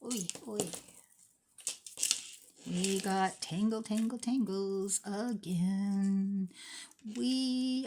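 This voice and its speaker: A woman's voice: on the low side, a little hiss or hum. A woman in her forties chatting casually as she sorts and prices thrifted jewelry, teasing herself as she goes. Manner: chatty, self-mocking, talks to herself while sorting. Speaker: thrift jewelry unboxing vlogger. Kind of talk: casual unboxing commentary.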